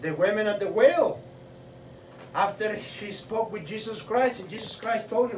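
A man preaching a sermon with fervor, repeating a rhetorical question and building up to shouting. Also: high-pitched, animated, normal speed. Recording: roomy echo, mic at a distance, faint noise.

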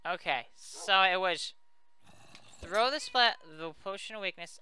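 A man's voice: high voice, a little slow, bright, forceful tone, a little hiss or hum. A man hosting a casual let's play, chatting to viewers and poking fun at himself. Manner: chatty and self-mocking, talks to viewers.

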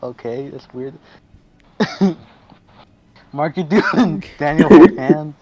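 A man's voice: on the high side, takes it slowly, darkish tone, highs cut off. A young man reading out game events to friends, laughing and swearing in surprise. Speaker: gaming video host.

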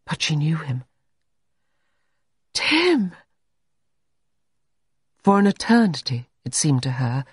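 A reader narrating a classic short story in a measured storytelling manner. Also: mid-range voice, darkish tone, slightly rough, dry recording, clean studio sound. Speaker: audiobook reader. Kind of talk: scripted narration.

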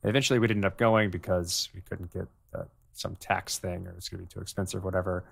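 A man hosting a podcast, talking in a relaxed, rambling way in casual chat. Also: low voice, fast talker, gravelly, breathy edge. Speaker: podcast host.

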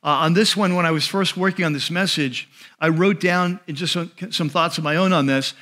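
Man preaching with a slightly high voice. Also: pushed and bright. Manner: conversational preaching with restarts and asides; slows and drops his voice on key phrases. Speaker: pastor. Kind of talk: sermon.

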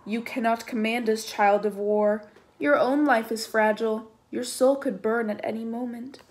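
A hollow, flatly menacing spirit speaks through a possessed teenage boy in this storybook reading, voiced by a woman. Its words come out low and subdued, without warmth. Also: normal speed, lightly acted. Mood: hollow menace.

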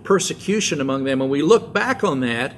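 An older man preaching a sermon as pastor, telling stories in a relaxed conversational way with asides. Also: on the high side, a little fast, a little hiss or hum.

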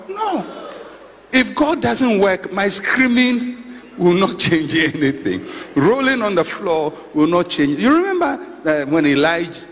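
A man's voice: on the high side, a bit bright. A middle-aged man, preaching a sermon in a conversational, storytelling way with dry humor. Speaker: pastor. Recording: reverberant hall with faint background noise.

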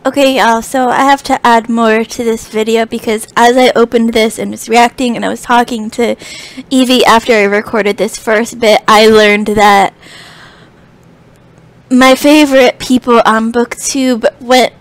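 A woman's voice: fairly high pitch, fairly even intonation, a little slow. A woman, close to tears, gushing with thanks to friends in a casual vlog. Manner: tearful, gushing and grateful. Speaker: book vlogger. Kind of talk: emotional thank-you vlog.

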